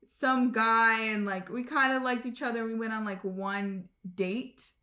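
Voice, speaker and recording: A woman's voice: fairly high pitch, unhurried. A woman in her twenties from the Midwest, co-hosting a podcast and telling stories in casual chat, full of "like"s and acted-out quotes. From American Midwest. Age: 20s. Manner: animated storyteller, acts out quotes, many "like"s. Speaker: podcast co-host.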